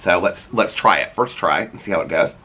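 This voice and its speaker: Male daily vlogger, deep voice with a sharp, bright edge, loose rambling chat. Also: brisk, husky. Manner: rambling, chatty, frequent fillers and restarts. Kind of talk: casual chat to camera.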